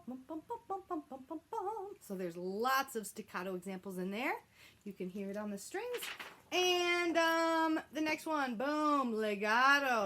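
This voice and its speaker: Young woman music teacher, slightly high voice, chatty and playful with kids. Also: fairly bright tone. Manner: chatty, playful, coaxing the class to repeat words. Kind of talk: remote music lesson to children.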